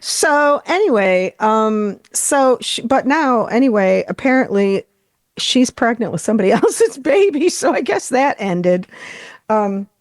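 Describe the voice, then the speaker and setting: Chatty middle-aged woman with a lively voice. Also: a little high, measured pace, no echo, studio quality. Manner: chatty, rambling, swears freely. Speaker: podcast host. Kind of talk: casual chat.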